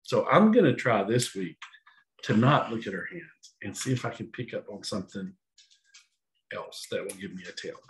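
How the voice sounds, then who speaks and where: A man's voice: fairly low pitch, expressive, moderate pace, a little hiss or hum, low-quality recording. Joking middle-aged man hosting a podcast. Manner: jokey, playful, teasing. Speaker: podcast host. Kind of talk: casual family podcast banter. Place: home, over a video call.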